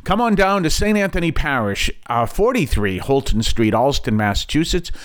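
Chatty Boston priest on radio. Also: male voice, a little high, big pitch swings, normal speed. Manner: chatty, digressive, light self-deprecating asides. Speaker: Catholic priest and radio host. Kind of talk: Catholic radio talk show.

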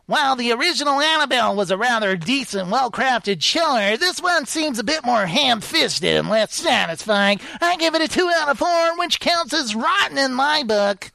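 Picture a nasally fella of a film critic, reading out his verdict in a high, pinched tone, as a man puts him on. The read is clipped and dry, right up to the mic. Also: animated, normal speed, creaky, few pauses, bright, forceful tone, no echo, full character voice. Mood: mock-serious.

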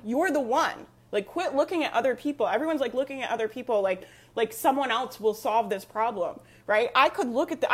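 A young adult woman coaching an online community on a live stream, talking emphatically and repeating herself with frequent laughs. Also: a little high. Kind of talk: live stream pep talk.

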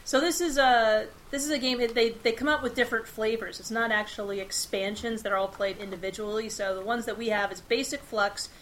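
A chatty woman introduces a card game in a relaxed, upbeat way. Her voice sits a little high and sounds bright, with faint background noise. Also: a little fast, hardly any pauses. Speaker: podcast co-host. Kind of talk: casual chat about board games.

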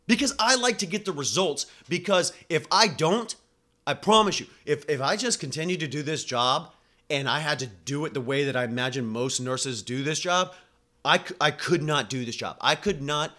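A man's voice: a little high, bright, forceful tone. A young man, a home care nurse, delivering a blunt, profane podcast monologue with emphatic swearing.

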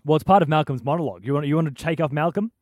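A man's voice: on the high side, a little mellow, dry recording, clean studio sound. A man co-hosting a podcast in casual, comedic chat, playful and bossy. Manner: playful, bossy, quick to laugh. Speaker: podcast co-host.

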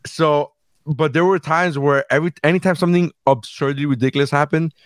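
A man co-hosting a casual podcast, telling stories in an animated way and swearing freely. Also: on the high side, brisk, no room sound. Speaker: podcast co-host.

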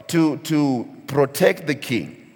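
A man's voice: a little high, animated, slow, a little mellow, slightly rough. A man explaining scripture as a Bible teacher, speaking with emphasis and chuckling now and then. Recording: long hall reverb.

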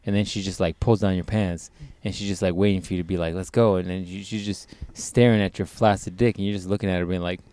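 A man's voice: low voice, steady tone, fast talker, hardly any pauses, mellow, smooth, dry recording. A young man co-hosting a podcast, swearing and joking crudely in casual chat, laughing often. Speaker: podcast co-host.

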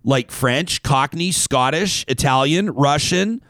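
A man's voice: a little high, expressive, takes it slowly, fairly bright tone, no room sound, studio quality. A man hosting a casual talk show, reading out a listener email and wandering off on tangents.

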